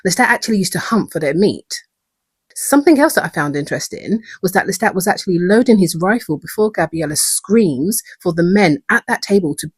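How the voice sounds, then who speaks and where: A woman, hosting a calm, measured episode breakdown, reflective in tone. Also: lowish voice, husky, dry recording. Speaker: video essay host.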